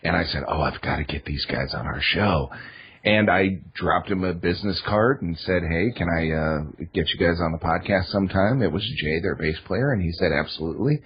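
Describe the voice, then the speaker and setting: A man's voice: low voice, normal speed, breathy edge, dull audio. A man on a podcast chatting casually as a guest, rambling with many fillers. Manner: rambling, filler-heavy storytelling.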